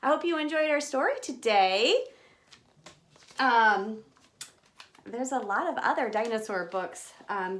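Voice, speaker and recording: Reading a picture book aloud at a children's storytime, a woman with a mid-range voice speaks directly to the young listeners with lively, expressive energy.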